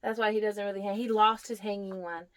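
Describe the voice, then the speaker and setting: A woman's voice: mid-range voice, fairly even intonation, brisk, fairly bright tone. A young woman giving a casual tour of her houseplants, chatting fondly to them and sometimes dropping to a near whisper. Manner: drops to a near whisper at times. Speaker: plant vlogger. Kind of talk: casual plant tour vlog.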